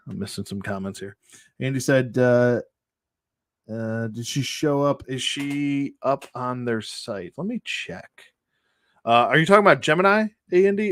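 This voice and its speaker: A middle-aged man from the Buffalo, New York area hosts a casual toy-collecting livestream, rambling, laughing often and greeting viewers by name. His voice is medium in pitch and unhurried.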